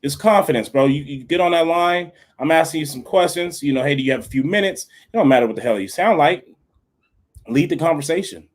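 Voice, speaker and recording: A man's voice: fairly high pitch, fairly quick. A young adult man co-hosting a casual podcast, talking in slangy, laughing banter. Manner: slangy, laughing, says bro a lot. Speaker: podcast co-host.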